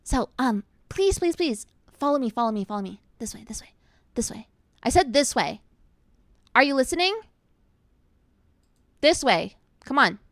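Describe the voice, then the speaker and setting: Playing an elegant elf florist in her debut VTuber stream, a woman teases her audience, repeats her words, chats and sings. She speaks at a moderate pace with long pauses, her high, somewhat bright voice swinging widely in pitch.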